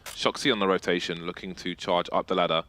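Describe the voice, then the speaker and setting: A man's voice: low-pitched, steady tone, fast, a bit bright, a little hiss or hum. A man commentating an esports match play by play, with jokes and banter between the calls.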